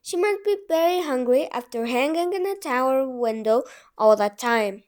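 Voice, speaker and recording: A woman's voice: sits high, animated, normal speed, a little mellow. A woman reading the lines of a young orphan girl in a storybook audiobook, caring and eager.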